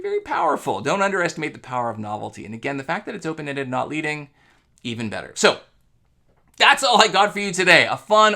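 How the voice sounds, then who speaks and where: Lively, gravelly-voiced male sales coach. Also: on the high side. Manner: energetic, conversational, many fillers. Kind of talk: casual talk to camera.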